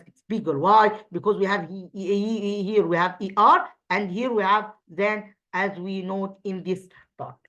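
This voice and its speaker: An Egyptian woman teaching English grammar over slides, her voice sitting at a middle pitch. She speaks English as a second language and often pauses with fillers and restarts her sentences. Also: fairly bright tone, lo-fi sound. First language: Arabic. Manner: hesitant, many fillers and restarts. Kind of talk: recorded online grammar lesson.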